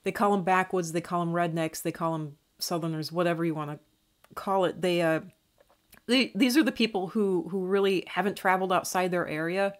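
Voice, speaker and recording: A woman with a faint Minnesotan accent, mostly flattened into a neutral American sound. She talks in a casual, digressive monologue, restarting her sentences and circling back over her points. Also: on the low side, brisk. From northern Minnesota, US. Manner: digressive, many restarts and fillers. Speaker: YouTube channel host.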